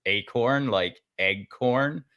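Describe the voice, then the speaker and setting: A man's voice: mid-range voice, takes it slowly, sharp tone, smooth, no room sound, clean studio sound. A man hosting a casual podcast chat, fussing over how words are pronounced and rambling through restarts. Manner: pedantic about pronunciation, rambling with many restarts. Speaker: podcast host.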